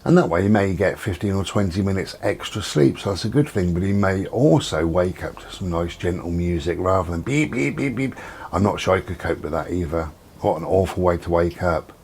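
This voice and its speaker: A man's voice: low voice, fairly quick, hardly any pauses, a little hiss or hum. A middle-aged man, chatting casually and rambling about his day at home. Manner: rambling, relaxed, chatty with many ums. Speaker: vlogger. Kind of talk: casual chat. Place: at home with door and window open.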